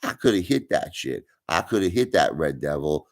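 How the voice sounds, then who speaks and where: A man's voice: extremely low pitch, very animated, normal speed, heavily acted. A man putting on the voice of a nervous young male streamer who pleads and makes excuses, in a raised, whiny tone. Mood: gushing.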